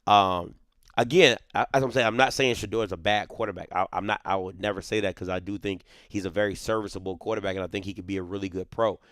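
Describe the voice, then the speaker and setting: A man's voice: low voice, steady tone, fast talker, fairly bright tone, no room sound, studio quality. Emphatic man giving sports opinions. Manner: emphatic, repeats his points, frequent "right?" tags and restarts. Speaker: sports show host. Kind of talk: casual opinionated sports commentary.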